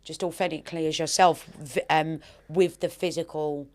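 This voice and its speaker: Low-voiced woman hosting a podcast. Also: fairly even intonation, moderate pace, darkish tone. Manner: chatty, swears freely, calls people darling. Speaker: podcast host. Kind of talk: casual interview chat.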